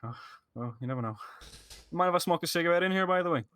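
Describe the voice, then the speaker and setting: A man's voice: on the high side, expressive, quick pace, a bit bright, smooth, dry recording. A man playing a crude, laid-back police applicant in a game role-play, cocky and rambling.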